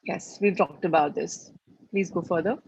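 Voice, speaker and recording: A woman's voice: on the low side, moderate pace, creaky, a little mellow, slight background noise. A woman giving an earnest motivational lesson, repeating and stressing her key points. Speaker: life coach teaching a class. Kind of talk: motivational teaching talk. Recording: slightly muffled lo-fi recording.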